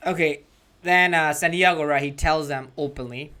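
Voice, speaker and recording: A man's voice: fairly high pitch, steady tone, normal speed, pushed and bright. A man from Myanmar, an English teacher explaining a story to students and often checking in with "right?".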